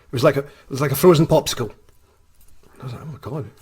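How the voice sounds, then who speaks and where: A Scottish man recounts a misadventure in a casual vlog, self-mocking and animated. His voice is husky and sits at a middle pitch. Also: fast. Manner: animated, self-mocking storyteller who laughs often. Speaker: author and vlogger.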